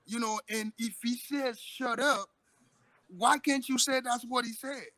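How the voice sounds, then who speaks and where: A man in his thirties telling a story in a casual, profane, animated chat. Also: very high voice, a little slow, no room sound. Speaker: podcast co-host.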